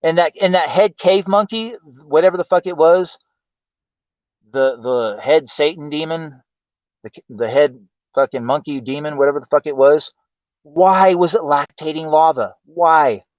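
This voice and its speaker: On his livestream, a man with a voice on the high side and a normal speaking speed rants in exasperation, cursing a lot and asking why again and again. There's no room sound, and his home streaming mic produces dull, lo-fi audio.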